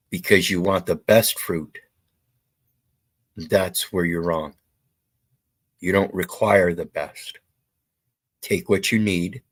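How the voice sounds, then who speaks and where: A man in a low voice gives blunt, preachy commentary, dropping profanity now and then. The sound is dry and close, with no room behind him. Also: slightly rough, no echo. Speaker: commentary host. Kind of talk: opinionated commentary.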